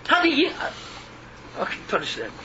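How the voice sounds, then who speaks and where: A rabbi delivers a Yiddish-laced sermon, mixing English with Yiddish and Hebrew terms in a very high-pitched, pushed, bright voice with huge pitch swings and a moderate pace. He is emotional and repetitive, veering between cries and murmurs, captured on a muffled lo-fi recording with background noise.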